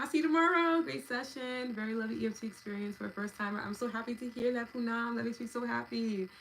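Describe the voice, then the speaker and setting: A woman in her thirties, a meditation and EFT practitioner, hosting a live wellness session and chatting warmly with viewers by name. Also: medium pitch, vocal fry, slight background noise, poor audio. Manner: gentle, affectionate and chatty, thanking viewers by name.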